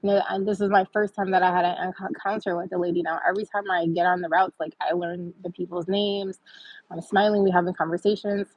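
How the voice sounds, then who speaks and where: A woman and mother hosting her own channel, telling a chatty, animated storytime with laughs. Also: fairly low pitch, quick pace, dry recording, lo-fi sound. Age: adult with a child. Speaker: vlog host. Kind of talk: casual storytime.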